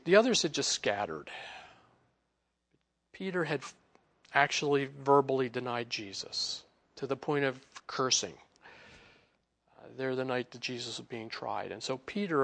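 A man giving a conversational Bible teaching, casual and animated, chuckling between points. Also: mid-range voice, normal speed, pauses often.

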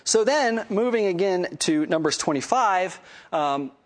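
A man with a fairly high voice leads a relaxed Bible lesson, chatting his way through the story with plenty of ums and uhs. He tells it with easygoing energy and keeps it informal. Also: measured pace. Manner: conversational, lots of fillers, animated storytelling. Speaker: Bible study teacher.

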